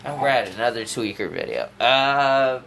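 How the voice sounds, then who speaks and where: A man's voice: mid-range voice, unhurried, a bit bright, a little hiss or hum. A man guesting on a podcast, laid-back and using many fillers. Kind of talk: casual chat.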